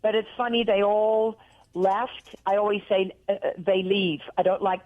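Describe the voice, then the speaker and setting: A woman's voice: mid-range voice, moderate pace. Chatty woman on a muffled phone line. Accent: mixed Australian and American. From Australia. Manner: rambling, animated and chatty. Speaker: caller. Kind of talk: casual phone chat.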